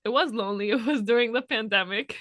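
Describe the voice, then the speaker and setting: Woman in her 30s, co-host, teary and giggly, mid pitch, dry close mic. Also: fast talker, fairly bright tone, dry recording. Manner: emotional, laughs through tears. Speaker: podcast co-host, mother. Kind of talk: casual heartfelt chat.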